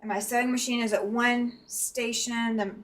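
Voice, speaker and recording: A woman's voice: a little high, flat delivery, moderate pace, a bit bright. A woman hosting a live quilting stream, chatting casually and greeting viewers by name while she sews. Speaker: quilting livestream host.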